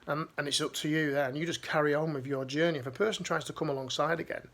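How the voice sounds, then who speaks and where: A man's voice: on the high side, fairly even intonation, fast talker, a bit bright. A man giving a motivational life-coaching talk to camera, emphatic and direct, repeating his key phrases.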